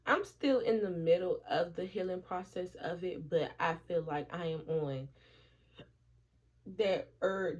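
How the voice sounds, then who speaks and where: A woman vlogger in a casual storytelling chat, swearing freely and acting out what her friends said, while doing her hair at home. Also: on the low side. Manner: profane, animated, acts out quoted friends. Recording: dull lo-fi audio.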